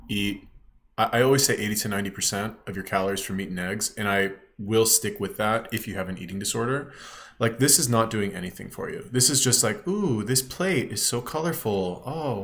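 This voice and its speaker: A man giving a ranting reaction commentary as a YouTube commentator, blunt, scornful and swearing often. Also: on the low side.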